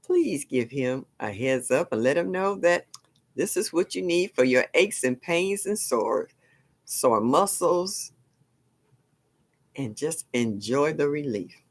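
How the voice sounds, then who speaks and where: A woman's voice: low voice, expressive, a little slow. An older woman hosting a live stream, chatting casually and exclaiming often, with frequent laughs. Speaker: livestream host.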